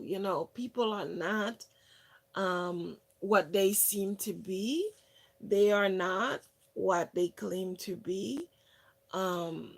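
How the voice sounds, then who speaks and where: A woman hosting a wellness channel, telling stories casually with many fillers and restarts, and acting out other people's words with lively shifts. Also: medium pitch, vocal fry. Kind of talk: casual storytelling monologue.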